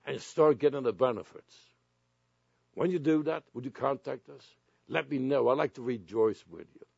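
A man's voice: medium pitch, gravelly, a little mellow, husky, dry recording, lo-fi sound. A man preaching a sermon as pastor, rising at times to commanding calls.

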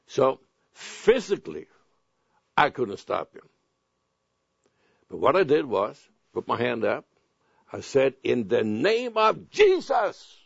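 A man preaching a sermon, telling personal stories and reading scripture slowly and deliberately. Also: lowish voice, creaky, breathy edge, no echo. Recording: dull lo-fi sound.

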